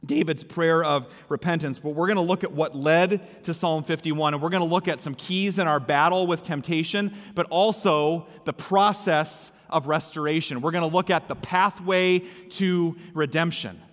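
A man's voice: on the high side, normal speed, few pauses. Man preaching in an echoey church. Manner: emphatic preaching with repeated punch lines. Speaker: pastor. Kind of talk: sermon. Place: church sanctuary. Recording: echoey hall with long reverb.

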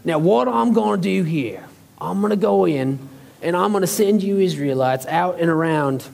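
A man's voice: high voice, lively intonation, moderate pace, gravelly, a little mellow. A man putting on a shaky Australian accent to play an eager, folksy wildlife showman. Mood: excited. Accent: put-on Australian.

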